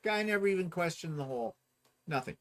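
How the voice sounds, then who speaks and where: A man's voice: on the high side, animated, fast. A man co-hosting a casual chat, animatedly telling a story and mimicking other people. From Ontario, Canada. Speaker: co-host.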